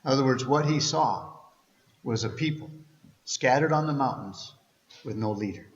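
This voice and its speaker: A man's voice: medium pitch, moderate pace. A male pastor preaching a sermon in a church, earnest and conversational, with frequent restarts. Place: church sanctuary. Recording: echoey church hall, slightly dull.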